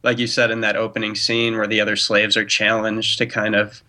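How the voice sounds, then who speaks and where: Low-ish guy on a movie podcast, flat delivery, bright tone, hedges a lot. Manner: measured, thoughtful, hedging with "kind of". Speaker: podcast co-host. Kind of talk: casual film discussion.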